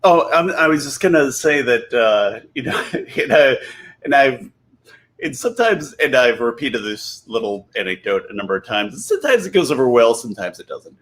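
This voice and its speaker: A man's voice: medium pitch, sing-song, moderate pace, fairly bright tone. A man in his thirties, a comedian guest, telling a story while a bit tipsy, rambling, cutting himself off and laughing mid-sentence.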